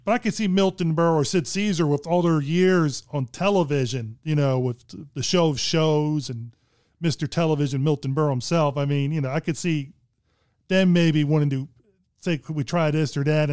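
A man's voice: a little high, normal speed, darkish tone, clear, resonant tone, no room sound. Rambling man with a dry close sound. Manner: rambling, hesitant, many restarts. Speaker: podcast co-host discussing films. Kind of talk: casual chat.

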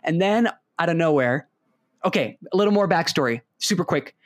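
A man's voice: on the high side, a little fast, no echo. A young man casually telling a long story to a friend, acting out the people in it. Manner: animated storyteller, acts out quotes.

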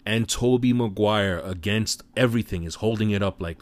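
A man casually retelling a movie plot in an animated way, with offhand swearing. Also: on the low side, normal speed, hardly any pauses. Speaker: film recap commentator.

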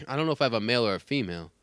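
A man co-hosting a casual chat, animated and joking, swearing freely. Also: mid-range voice, very fast, background noise.

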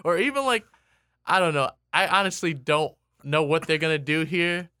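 A man co-hosting a casual podcast, animated and often laughing as he chats. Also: a little high, no echo, studio quality. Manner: animated, laughing, quick impressions. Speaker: podcast co-host. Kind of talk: casual wrestling podcast chat.

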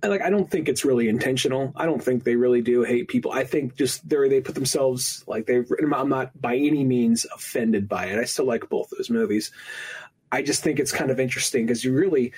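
A man's voice: fairly quick, a little mellow, husky. A young man co-hosting a podcast, chatting casually, swearing freely and laughing often. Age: young adult. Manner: swearing, laughing, jumps into high mocking voices when quoting. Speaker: podcast co-host. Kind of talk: casual chat.

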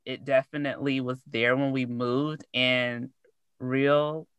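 A woman from Arkansas with a Southern accent, chatting casually in a slow, easy cadence. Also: a bass voice, little pitch movement, a bit bright, clean tone, no echo. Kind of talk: casual chat.

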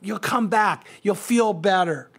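High-voiced man teaching a Bible lesson. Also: a little slow. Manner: earnest, speaks directly to listeners. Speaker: pastor.

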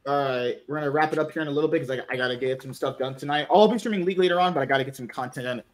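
A man's voice: mid-range voice, racing, a crowd in the background. A man hosting a podcast, chatting crudely and rambling as he wraps up the show. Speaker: podcast host. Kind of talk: casual crude podcast chat.

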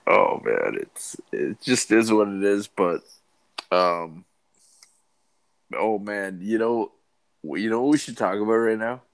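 Lower-voiced man griping with swearing. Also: expressive, slow pace, gravelly, pauses often. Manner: complaining, swearing, rising exasperation. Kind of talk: crude casual chat.

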